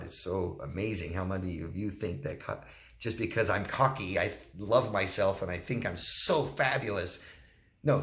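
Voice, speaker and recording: A man's voice: low voice, creaky, fairly bright tone, reverberant. A man, a relationship coach, answering viewer questions in a candid, plain-spoken way and acting out quotes. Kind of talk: solo Q&A talk to camera.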